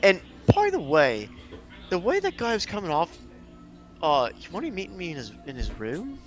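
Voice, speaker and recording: A man's voice: a little high, normal speed, soft background music. A man playing a tabletop game, talking in character with lots of fillers and restarts. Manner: animated, laughing, rambling with fillers. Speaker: player.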